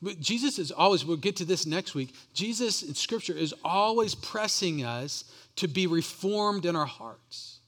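A man's voice: high voice, expressive, measured pace, few pauses, a bit bright. A man preaching a sermon as pastor, earnest and often repeating words as he builds each point.

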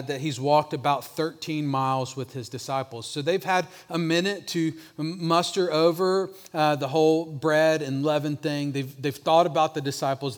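A male pastor preaching a sermon, with restarts, dropping softer to voice a repeated question. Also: on the high side. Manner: preaching with restarts, drops softer when voicing Jesus' question.

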